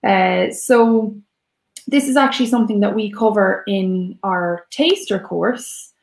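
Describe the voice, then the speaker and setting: A young woman explains points in a chatty, filler-laden way, her voice carrying some gravelly fry. The sound comes from an echoey room. She talks like a teacher on a live stream. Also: mid-range voice, takes it slowly. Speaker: co-host and Irish teacher. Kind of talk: live-stream language lesson.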